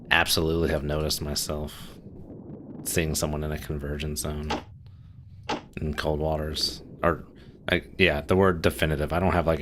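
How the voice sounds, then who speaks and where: A man's voice: rumbling low, background noise. A man chatting casually on a live stream while playing a submarine game, rambling with fillers and restarts.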